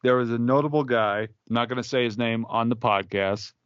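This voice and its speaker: A man co-hosting a comedy podcast, winding through a story with restarts and acted-out quotes. His voice sits at an ordinary middle pitch. The sound is dry and slightly dull. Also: steady tone, fairly quick, fairly bright tone, clear, resonant tone, no echo. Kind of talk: casual podcast banter.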